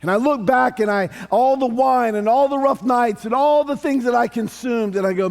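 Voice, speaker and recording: A man preaching a sermon as pastor, animated and conversational with touches of humor. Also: very high voice, normal speed, vocal fry, few pauses. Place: church sanctuary.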